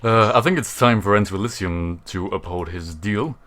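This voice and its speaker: A man's voice: lowish voice, normal speed, a bit bright. A young man hosting a charity gaming livestream, chatting casually with an upbeat, announcer-like delivery. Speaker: livestream host.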